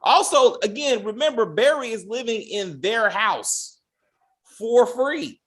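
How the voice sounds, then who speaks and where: Animated man ranting about TV. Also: very high voice, takes it slowly. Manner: animated, profane, exasperated ranting with mock quotes. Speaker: podcast co-host. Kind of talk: casual TV recap chat.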